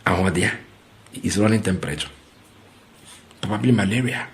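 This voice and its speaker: A man's voice: low-pitched, normal speed. A man with a Nigerian accent giving ranting political commentary, mocking and incredulous, slipping into Pidgin and repeating words for effect.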